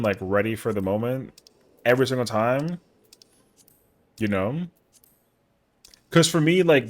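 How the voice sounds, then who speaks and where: A young man streaming an online game, chatting casually and making playful, boastful jokes full of slang. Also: medium pitch. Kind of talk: casual chat while gaming.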